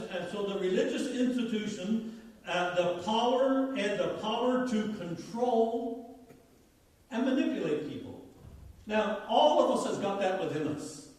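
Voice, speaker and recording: Newfoundland man preaching casually, quizzes the congregation; high-pitched, recorded from afar in a roomy church. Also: darkish tone. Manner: folksy, chatty, asks the congregation questions. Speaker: pastor. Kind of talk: conversational sermon. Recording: echoey church hall, mic far off.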